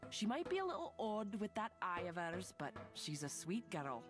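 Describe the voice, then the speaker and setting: A woman's voice: mid-range voice, sing-song, moderate pace, close to an everyday voice. A woman voicing a stubborn old farm wife. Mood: fond. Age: older. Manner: blunt, grumbling, folksy. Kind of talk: video game dialogue. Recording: game audio with loud music underneath.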